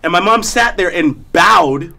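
A man's voice: high-pitched, lively intonation, measured pace, creaky, pushed and bright. A man from South Africa, a guest actor telling stories in a casual studio chat, laid-back and slangy with many fillers and restarts.

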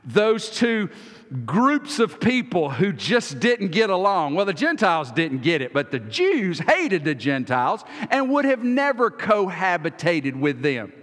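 High-voiced preacher in a reverberant church. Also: male voice, big pitch swings, measured pace, a bit bright. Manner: folksy, acts out little dialogues. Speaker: pastor. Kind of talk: sermon. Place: church sanctuary.

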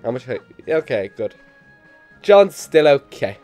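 A man with a Liverpool accent and a slight cold, giving excitable let's play commentary and yelping at his own mistakes. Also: measured pace, soft background music. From England. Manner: excitable, sudden high yelps at mistakes, self-mocking. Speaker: gamer.

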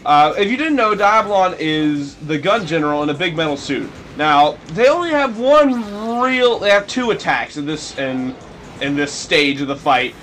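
A young man with a fairly high, widely swinging voice talks at a normal speed while playing a video game, his tone a bit bright over slight background noise. His let's-play commentary rambles and drips with sarcasm, broken by sudden mock-dramatic outbursts.

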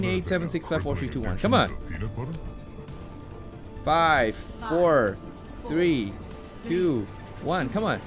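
A man giving excited, shouty commentary while playing a video game. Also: sits high. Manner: shouty, excitable, yelling bursts. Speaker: gameplay channel host. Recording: game music playing behind the voice.

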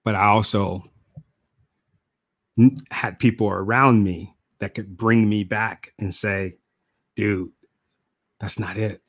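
A man talks to his viewers in a relaxed, reflective way, often repeating his words for emphasis. His voice sits fairly low, and he takes his time. The sound is close and dry. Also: slow, pauses often, no echo. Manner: relaxed, repeats phrases for emphasis, laughs at himself. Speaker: motivational speaker and video host. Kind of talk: casual reflective monologue to camera.

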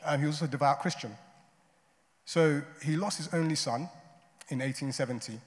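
A man's voice: a little high, brisk. Conversational male pastor in a reverberant hall. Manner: conversational, often adds "right?" and "you know". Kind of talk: sermon.

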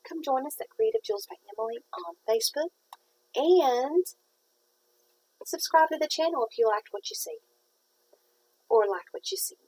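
A woman's voice: sits high, animated, moderate pace, long pauses, mellow, a little hiss or hum, rough recording. A woman, chatting casually and rambling in a folksy way while she works on a craft project. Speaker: craft vlogger.

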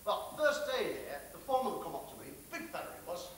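An actor playing a blunt, hearty factory boss, telling a folksy story. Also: male voice, high voice, very animated, fast talker, a bit bright, slight background noise. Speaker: factory owner giving advice. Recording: roomy film sound from a distant mic.

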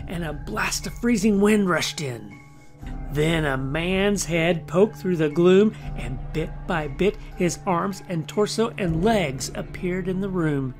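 A man reading a children's picture book aloud, with expressive delivery and dramatic pauses. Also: fairly high pitch, soft background music. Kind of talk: read-aloud storytelling.

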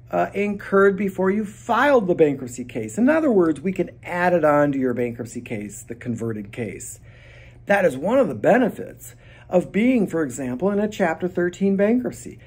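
A man's voice: high-pitched, a little mellow, breathy edge. A man, a lawyer, explaining a legal topic in a casual, conversational way, with a Minnesotan accent. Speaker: bankruptcy lawyer.

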